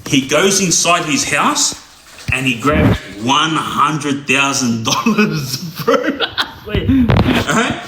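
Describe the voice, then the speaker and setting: A man's voice: on the high side, big pitch swings, slow, roomy sound, very noisy. A man telling a crime story casually, rambling and checking in with a constant "yeah?". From Australia.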